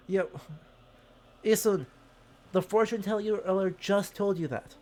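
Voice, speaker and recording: Joking game streamer, bit high voice. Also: male voice, a little slow, pauses often, darkish tone. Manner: joking, scattered asides between read lines. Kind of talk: live game stream commentary.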